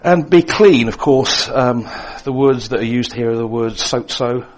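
Expressive male preacher. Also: medium pitch, measured pace. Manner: expressive, swings between emphatic and hushed. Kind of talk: sermon.

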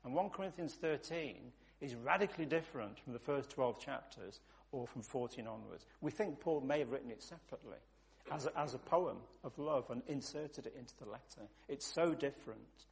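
A man's voice: on the high side, normal speed, gravelly. A man preaching a sermon in a conversational way, building long lists with emphatic repetition.

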